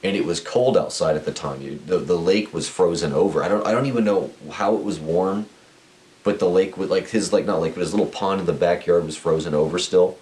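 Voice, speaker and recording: A man's voice: deep voice, a little fast, darkish tone. A young man co-hosting a podcast, telling a rambling story with a laugh in it and lots of restarts. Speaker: podcast co-host. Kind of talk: casual storytelling chat. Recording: faint hiss.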